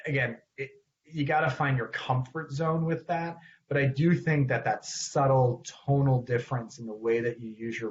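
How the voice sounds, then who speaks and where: Conversational man teaching, dull lo-fi audio. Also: mid-range voice. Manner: conversational, acts out what he says to parents and kids. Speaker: clinician teaching assessment. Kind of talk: recorded training talk.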